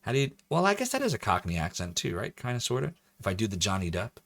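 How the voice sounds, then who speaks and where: A man's voice: on the low side, very animated, quick pace, gravelly, fairly bright tone. A male game streamer chatting casually with his viewers as he plays, rambling and laughing often. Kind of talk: casual live-stream commentary.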